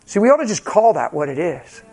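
During a sermon, a high-voiced male preacher shares a personal story at a brisk clip, his voice husky with vocal fry. He pokes fun at himself energetically and performs every quoted line.

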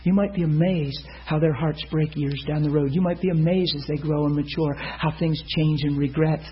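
A man preaching a sermon, telling a story and acting out the people in it with sudden loud high bursts. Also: normal speed, hardly any pauses. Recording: muffled lo-fi sound.

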